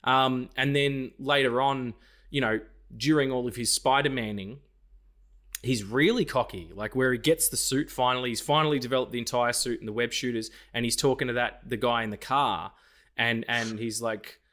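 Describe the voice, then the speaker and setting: Speaking at normal speed in a medium-pitched voice, this podcast co-host talks casually about a movie. His retelling is animated, full of acted-out lines and plenty of swearing.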